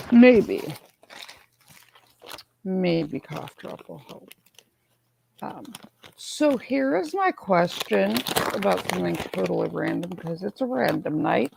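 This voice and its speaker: A woman hosting a casual live stream, hoarse from swelling in her neck, who chats in a self-mocking way and reads viewer comments aloud. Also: mid-range voice, a little mellow, a little hiss or hum. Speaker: livestream host.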